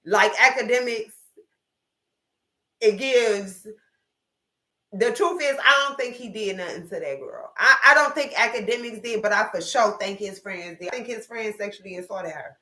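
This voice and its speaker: Woman commentator, bright tone, roomy sound; blunt, opinionated, profane. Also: medium pitch, expressive, moderate pace. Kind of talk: casual reaction commentary.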